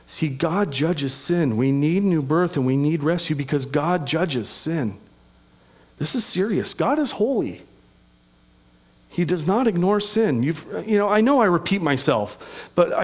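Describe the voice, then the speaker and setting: A man with a fairly high voice delivers a sermon from the pulpit. He preaches earnestly but conversationally, slipping in folksy asides and light humor. He sounds middle-aged. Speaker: pastor.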